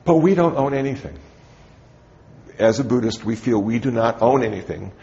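A man's voice: medium pitch, lively intonation, moderate pace, gravelly, mellow, highs cut off. A man, a Buddhist teacher, giving a dharma talk to a group in a conversational, humorous storytelling manner.

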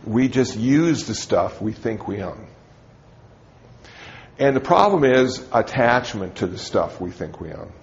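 A man's voice: on the low side, sing-song, unhurried, highs cut off. A man, a Buddhist teacher, giving a dharma talk to a group in a conversational, humorous storytelling manner.

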